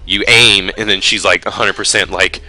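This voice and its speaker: A man ranting casually about a game trailer in a vlog, animated and profane, rambling with lots of fillers. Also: fairly low pitch, moderate pace, a little hiss or hum. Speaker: vlogger reviewing a game trailer. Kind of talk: casual rant.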